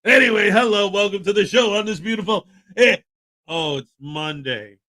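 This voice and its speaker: A man's voice: high voice, moderate pace, pushed and bright. A man hosting a casual morning livestream, upbeat and jokey, greeting viewers by name. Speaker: host.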